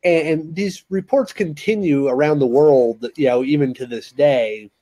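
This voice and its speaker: Guy cohosting a podcast, kinda high voice, lots of "you know"s, calm explaining. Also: moderate pace. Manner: steady explainer, many "you know" fillers. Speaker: co-host. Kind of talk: casual podcast discussion.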